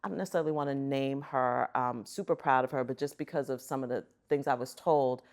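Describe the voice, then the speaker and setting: A middle-aged woman, a guest on an interview show, telling stories in an animated, emphatic way. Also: rumbling low, fairly quick. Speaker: guest, arts center chief executive. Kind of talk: conversational storytelling.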